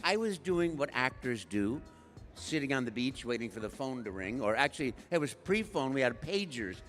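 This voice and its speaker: A man's voice: medium pitch, very animated, moderate pace, fairly bright tone. A man, a voice actor as guest, telling stories at a live stage Q&A, breaking into playful voices and sound effects. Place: large event hall on a live stage. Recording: reverberant hall with music behind.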